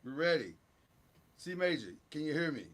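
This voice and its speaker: A man hosting a casual sports talk show, recapping games in an animated, joking way with sound effects. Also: on the high side, normal speed.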